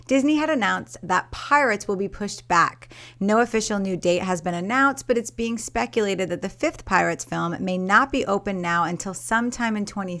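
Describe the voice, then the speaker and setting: A woman hosting a movie news show, her voice in a middle range for a woman. She reads the day's stories in a bright, scripted presenting manner, with light banter in between. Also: medium pitch. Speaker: host.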